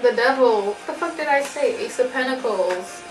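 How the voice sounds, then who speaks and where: A woman's voice: a little high, moderate pace, reverberant, music in the background, rough recording. A woman doing a casual tarot reading at home, chatty and profane, laughing often. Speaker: tarot reader. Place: home with family noise in background.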